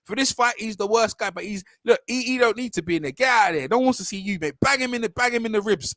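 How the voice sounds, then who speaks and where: Fast, high-voiced man, excited commentary. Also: dry recording. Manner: animated, rapid, slangy, talks over his co-host. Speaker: host of a live fight watch-along. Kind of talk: excited live fight commentary chat.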